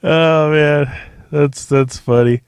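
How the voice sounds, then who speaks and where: A man's voice: fairly high pitch, steady tone, takes it slowly, clean tone, dry recording, clean studio sound. A man hosting a solo podcast, rambling and profane, and laughing often at his own jokes. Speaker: podcast host.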